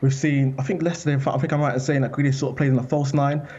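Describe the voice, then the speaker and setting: A man giving his opinions as a football journalist on a panel, in a measured way. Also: medium pitch, level tone, mellow, breathy edge, dull audio. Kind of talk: studio panel chat.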